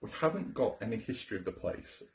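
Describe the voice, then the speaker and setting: A man's voice: on the low side, sing-song, fast talker, a little mellow. A man co-hosting a ghost hunt livestream, welcoming viewers and explaining the equipment set up in an old cottage. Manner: upbeat presenter, explains the setup, laughs easily. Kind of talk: casual livestream presenting. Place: old abandoned cottage, indoors.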